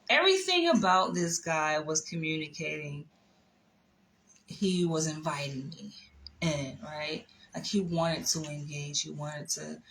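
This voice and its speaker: A woman's voice: deep voice, a bit bright, a little hiss or hum, poor audio. A woman casually telling a personal story, chatty, with laughs, asides and the odd whisper. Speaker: vlogger.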